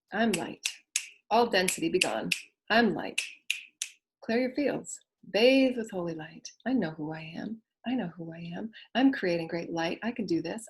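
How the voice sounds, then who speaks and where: A woman with a breathy, slightly husky voice leads a spiritual affirmation talk. She moves slowly through repeated affirmations, often letting her voice fall soft and hushed. Her pitch sits in a plain middle range. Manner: slow, repetitive affirmations, drifting soft and hushed. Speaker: spiritual teacher.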